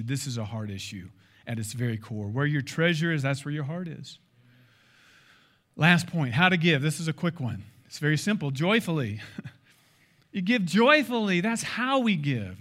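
Animated male pastor preaching a sermon. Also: on the high side, normal speed. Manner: animated, emphatic, acts out quoted dialogue.

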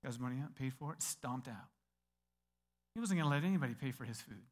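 A middle-aged American man preaching a sermon, telling a story with lively acted-out quotes. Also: mid-range voice, fast talker. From United States. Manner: animated storyteller, acts out quoted voices. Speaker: pastor.

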